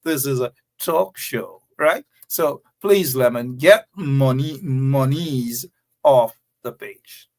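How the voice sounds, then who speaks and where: A man's voice: mid-range voice, takes it slowly, darkish tone. A man with a Guyanese accent hosting a live talk show, chatting to viewers in a sarcastic, joking way.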